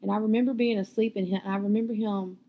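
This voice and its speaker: A young woman tells her own story in a blunt, candid way and swears freely. Her voice sits at an ordinary pitch. The audio is dull and lo-fi. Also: steady tone, quick pace. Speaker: podcast host. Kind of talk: personal storytelling.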